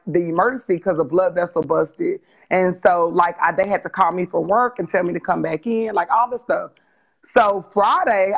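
A woman in her forties, a guest telling her life story on a video call interview, open and animated. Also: on the low side, muffled recording. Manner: animated, open, acts out quoted dialogue with laughs.

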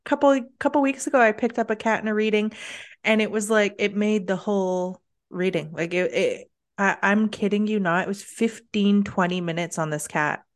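A woman hosting a podcast, a medium herself, talking casually with quick, lively reactions and the odd swear. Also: medium pitch. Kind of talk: casual chat.

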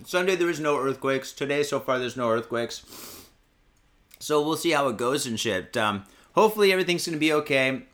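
Excitable, foul-mouthed man telling a story. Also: medium pitch, a little fast. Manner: profane, excitable, heavy filler words. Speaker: podcast host. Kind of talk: casual storytelling. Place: podcast studio.

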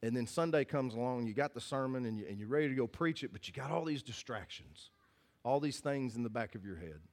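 Speaking in a mid-range voice, animated and fairly quick, a pastor delivers an earnest, folksy sermon to his congregation in a church hall, frequently restarting and repeating phrases.

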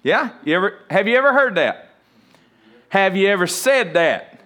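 Very animated and speaking at a normal speed, this pastor gives a conversational sermon, kidding with his congregation and playing out everyday moments. His slightly high male voice sounds pushed and bright.

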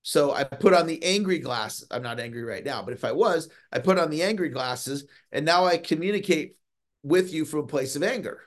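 A middle-aged man coaching on a motivational call, earnest, often slowing down to stress key words and repeating phrases. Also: a little high. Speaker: sales coach.

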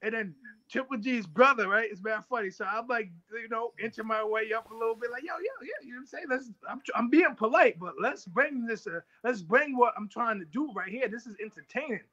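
A boxer in his thirties telling stories in a casual interview, animated and acting out other people's lines. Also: very high voice, brisk, dull audio.

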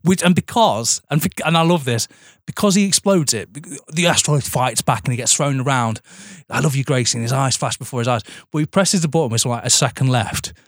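A man co-hosting a film podcast, swearing and mocking the film in quick banter. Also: medium pitch, no echo, clean studio sound. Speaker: podcast co-host. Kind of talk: casual film-review banter.

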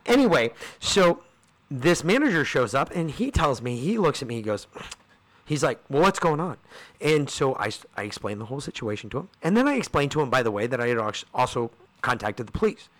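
Male podcast co-host, bright and punchy tone, profane storyteller doing everyone's lines. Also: mid-range voice, sing-song, a little fast. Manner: profane, fired-up storyteller acting out quoted people. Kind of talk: casual storytelling chat.

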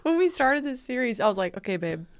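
Lively, giggly woman podcast co-host. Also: sits high, fast, gravelly, clear, resonant tone. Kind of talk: casual faith and marriage podcast talk.

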